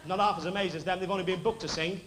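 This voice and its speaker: A man's voice: high voice, fairly even intonation. A man hosting a variety show, telling cheeky jokes in stand-up patter to a live theatre audience. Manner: cheeky, quick joke-telling. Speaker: variety show host and comedian. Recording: noisy 1960s television broadcast.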